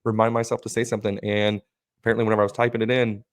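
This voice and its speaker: A man co-hosting a casual podcast, talking quickly in a lowish voice. He swears freely and jumps into quoted voices as he tells his stories. The sound is close and dry. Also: no room sound. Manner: profane, animated storytelling with put-on quoted voices. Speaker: podcast co-host.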